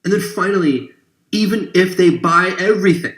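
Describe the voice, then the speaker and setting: A man giving a persuasive webinar pitch to coaches, emphatic and sarcastic as he builds long lists. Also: moderate pace, a bit bright. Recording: echoey room.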